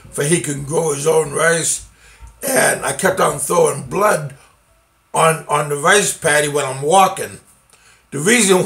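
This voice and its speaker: Slow, halting man telling a story. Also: on the high side, fairly bright tone. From United States. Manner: halting, many fillers and restarts, occasional laughs. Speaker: vlogger telling a personal story. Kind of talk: casual first-person storytelling.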